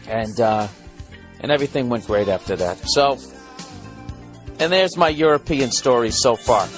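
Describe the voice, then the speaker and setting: A man's voice: medium pitch, moderate pace, long pauses, faint music behind. Profane ranting middle-aged man. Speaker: podcast host. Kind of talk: rambling comic monologue.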